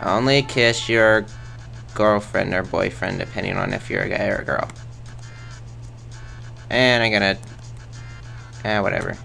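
A man's voice: on the low side, measured pace, gravelly, long pauses, sharp tone, faint music behind. A man rambling through casual game commentary in a goofy, self-mocking way, tossing in silly sound effects. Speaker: let's play host.

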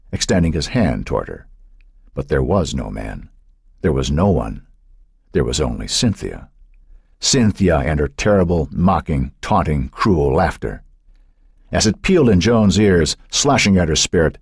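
Brief: male narrator, very deep and husky, lively rises and falls, dramatic measured reading. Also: no echo, studio quality. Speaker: audiobook narrator. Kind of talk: scripted narration.

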